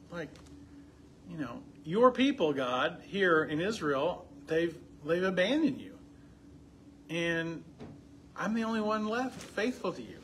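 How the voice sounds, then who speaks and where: A man's voice: fairly high pitch, very animated, takes it slowly, pauses often, fairly bright tone. Conversational man teaching scripture to a group. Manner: asks the group questions, reads scripture aloud with rising emphasis. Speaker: pastor leading a Bible study.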